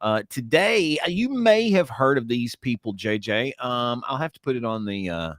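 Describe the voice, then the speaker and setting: A man's voice: medium pitch, animated, normal speed, a bit bright, dry recording. A man chatting casually as co-host of an internet show. He rambles, restarts his sentences and fills the gaps with "uh". His voice sits mid-range and sounds close and dry, with no room around it. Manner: rambling, with many fillers and restarts. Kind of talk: casual morning chat.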